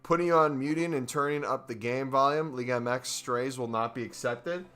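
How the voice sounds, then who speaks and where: A male streamer chatting during a live game stream on his microphone, excitable and joking. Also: mid-range voice, brisk, faint music behind. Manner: excitable and joking, with whoops and laughs.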